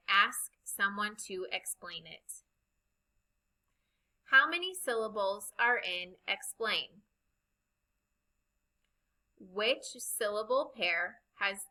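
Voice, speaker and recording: A woman teaching a recorded reading lesson, speaking slowly and deliberately as she spells out vowel sounds. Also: medium pitch, pushed and bright, low-quality recording.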